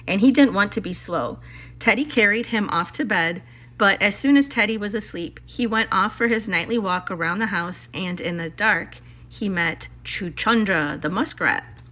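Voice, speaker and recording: A woman reading a classic story aloud for students in a clear, expressive, measured way. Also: mid-range voice.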